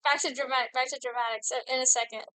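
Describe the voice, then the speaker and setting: Giddy, bright-voiced young woman streamer. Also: high-pitched, fairly even intonation, racing, clean tone, no room sound, poor audio. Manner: giddy, rambling, talks to herself while playing. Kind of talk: casual gaming stream chat.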